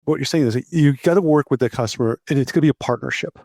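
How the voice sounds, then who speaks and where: A man's voice: medium pitch, rapid-fire, vocal fry, darkish tone, no room sound. A man on a podcast as a guest, telling a story and acting out the dialogue in it. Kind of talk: casual podcast chat.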